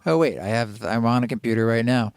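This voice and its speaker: Relaxed male podcast host, dry sound. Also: medium pitch, fairly quick, clear, resonant tone, dry recording. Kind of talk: casual interview chat.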